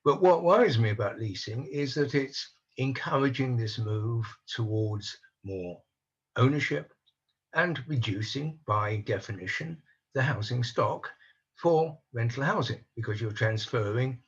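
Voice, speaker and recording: An older man speaking on a conference panel over a video call, measured and analytical, voicing doubts in a deliberate way. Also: medium pitch, slightly rough, muffled recording. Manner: measured, analytical, openly skeptical. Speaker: panel speaker on housing policy. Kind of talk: online conference talk.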